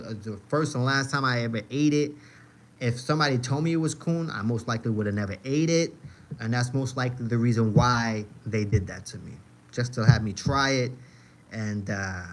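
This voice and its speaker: A man's voice: medium pitch, a little hiss or hum. A young man hosting a livestream, telling loose, profane stories and answering chat in a casual, slangy way. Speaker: livestream host.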